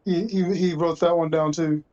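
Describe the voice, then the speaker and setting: A man chatting casually with friends, telling quick rambling stories. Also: a little high, steady tone, a little mellow, lo-fi sound. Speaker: podcast co-host. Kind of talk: casual chat.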